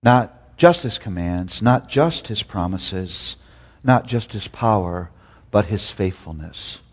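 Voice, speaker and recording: A man preaching a sermon, swinging between loud emphatic peaks and hushed low lines. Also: lively intonation, slow pace, breathy edge, long reverb tail.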